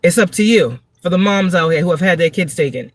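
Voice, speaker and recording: A woman's voice: lowish voice, lively intonation, a little fast, no room sound. Blunt, cussing woman tarot reader preaching to her viewers, dry close sound. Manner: emphatic, repeats words for stress. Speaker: tarot reader and spiritual advisor. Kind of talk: livestream tarot reading monologue.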